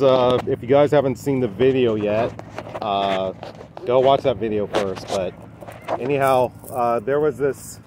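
Everyday guy vlogging outdoors, loose rambling delivery, mid-pitched voice, light street noise. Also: darkish tone. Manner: rambling, lots of "anyhow" and "uh". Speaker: vlogger at a dog park. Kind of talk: casual vlog to camera. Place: outdoor dog park.

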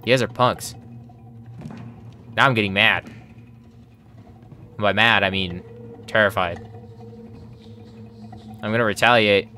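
A man with a bright, sharp voice commentates a horror game at an unhurried pace. He talks to the characters on screen and yelps and swears whenever something startles him. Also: on the low side, soft background music. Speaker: let's play gamer.

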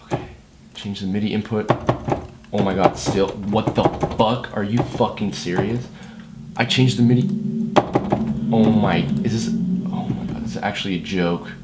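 A man making a beat against the clock in a comedic vlog, talking himself through it with loud, profane chatter and mock-dad jokes. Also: on the low side, moderate pace, pauses often. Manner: hyper, profane self-talk while working; jokey mock-dad banter. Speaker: music producer. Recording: echoey room with steady noise.

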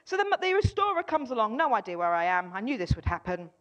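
A woman's voice: a little high, big pitch swings, quick pace, a bit bright. A woman preaching a sermon, emphatic, often repeating her key phrases and acting out a doubter's replies.

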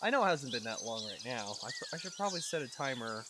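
A man's voice: medium pitch, very animated, fast, background noise. A young man casually commenting on a video game while he plays, rambling, talking to himself and easily startled. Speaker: let's play gamer.

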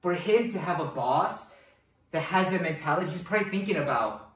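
A man preaching a sermon in an animated way, often adding "right?" to his points. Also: a little high, a little fast. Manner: animated, acts out quoted voices with many "right?" tags. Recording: echoey hall, voice from far off.

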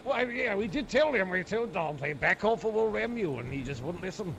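A man's voice: high-pitched, expressive, a little fast, gravelly, a bit bright, muffled recording, a little hiss or hum. A man talking with a put-on Scottish accent, exclaiming and swearing through role-play banter.

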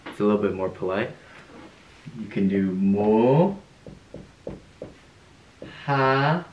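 Upbeat male teacher, lowish voice, playful, echoey room. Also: expressive, lo-fi sound, a little hiss or hum. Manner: upbeat and playful, laughs often, repeats phrases slowly. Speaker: Korean language teacher. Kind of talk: casual video lesson.

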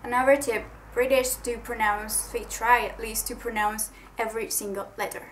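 A woman's voice: fairly high pitch, steady tone, moderate pace, slight background noise. A woman YouTuber chatting to camera in a casual vlog, rambling and poking fun at herself. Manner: rambling, chatty and self-deprecating.

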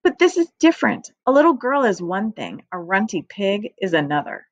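A gentle but firm farmer father, as a woman reads his part speaks kindly and steadily. This storybook voice has a dry, close sound with no echo. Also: medium pitch, very animated, moderate pace, lo-fi sound, natural voice.

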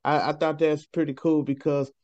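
Light-voiced man host, slightly high. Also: little pitch movement, moderate pace, a little mellow, no room sound. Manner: laughing, playful. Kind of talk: casual interview chat. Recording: dull lo-fi audio.

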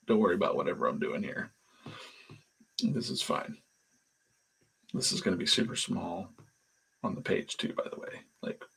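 A comic artist chats and tells stories as he draws, rambling along and often trailing off into mumbles. His voice is low and husky with vocal fry and a fairly bright tone.

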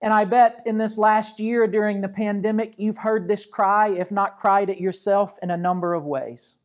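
A man from Arkansas, a pastor, giving a measured, reflective sermon and patiently explaining scripture. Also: high voice, steady tone.

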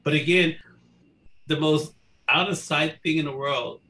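A man speaking from home on a video call, fondly reminiscing about a relative, with an amused, warm manner. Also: on the high side, fairly even intonation, low-quality recording. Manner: warm, amused, quick asides. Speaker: panel guest, family member. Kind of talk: fond family reminiscing.

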